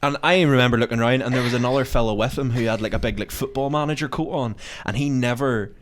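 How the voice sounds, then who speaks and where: A young man, co-hosting a casual podcast and telling a story with animated impressions. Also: medium pitch, fast talker. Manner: animated storyteller acting out voices. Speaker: podcast co-host. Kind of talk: casual chat.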